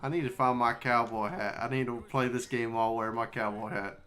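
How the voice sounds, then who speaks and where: A man's voice: mid-range voice, steady tone, fairly quick, a bit bright. A man chatting and joking casually while livestreaming a video game, swearing now and then. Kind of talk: casual gaming chat.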